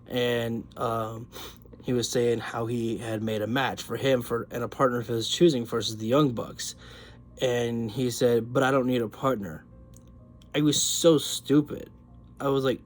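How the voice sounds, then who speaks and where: Excitable young man ranting casually. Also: mid-range voice, unhurried, soft background music. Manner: excitable, swears, rambling storytelling. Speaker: wrestling podcaster. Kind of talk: casual monologue.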